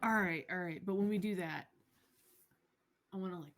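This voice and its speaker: A woman's voice: fairly low pitch, normal speed, a bit bright, lightly acted. A woman playing a boisterous, attention-seeking rock drummer in improvised comedy role-play, cheeky and teasing. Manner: cheeky, teasing, laughs often.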